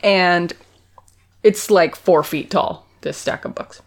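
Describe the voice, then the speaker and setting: A woman's voice: on the low side, slow pace. A woman co-hosting a podcast, animatedly recapping an episode and acting out the characters' lines with giggles. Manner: animated retelling, acts out quotes, giggly. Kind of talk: casual chat.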